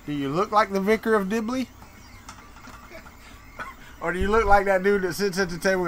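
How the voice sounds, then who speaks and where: A man's voice: high-pitched, normal speed, long pauses, a bit bright, a little hiss or hum. Joking Southern streamer man. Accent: Southern American. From Florida, Deep South. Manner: joking, chatty, reads and answers chat. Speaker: streamer host. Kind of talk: casual live-stream chat.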